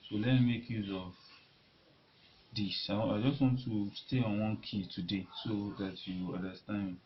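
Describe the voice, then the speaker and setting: A man teaching a beginner piano lesson, talking in a halting way and repeating words as he demonstrates at the keyboard. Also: on the low side. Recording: lo-fi recording with loud piano. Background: piano notes being played.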